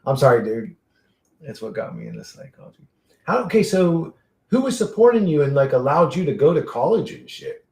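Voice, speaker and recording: Casting: male livestream host, gravelly mid-range voice, loose profane rambling, echoey room. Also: on the high side, big pitch swings, brisk. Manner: rambling, profane, reads chat aloud. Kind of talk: casual livestream chat.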